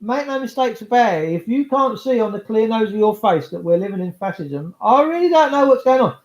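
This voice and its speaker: High-voiced, animated and brisk, a man hosting a livestream chats away to viewers in a loose, casual monologue, captured with roomy, somewhat dull sound.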